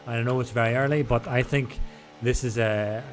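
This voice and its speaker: A man's voice: mid-range voice, steady tone, moderate pace, soft background music. A man casually commentating a sim race from home, chatty and rambling, a bit tipsy. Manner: chatty, rambling, restarts and jokes. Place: home room.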